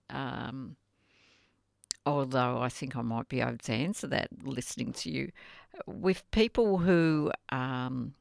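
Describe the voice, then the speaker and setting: An interviewer in a casual chat, asking long, trailing questions in an unhurried way. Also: medium pitch, gravelly, no echo, clean studio sound.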